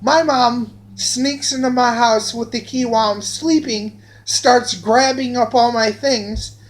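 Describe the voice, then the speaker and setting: A man's voice: extremely high pitch, steady tone. A man telling a rambling personal anecdote straight to the camera. He swears a lot and keeps repeating his phrases. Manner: profane, repeats phrases, drawn-out. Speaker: vlogger telling a personal story.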